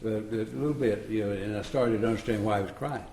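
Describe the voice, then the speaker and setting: A fast-talking man in his seventies with a low, slightly mellow voice and fairly even intonation tells a meeting room his recovery story. He chuckles in a folksy way and acts out exchanges, and the roomy live recording carries slight background noise.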